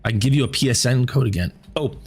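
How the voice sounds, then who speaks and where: A man streaming a game and chatting casually with viewers, rambling and repeating words as he thinks aloud, his voice going hoarse. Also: mid-range voice, rapid-fire, music in the background. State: losing his voice.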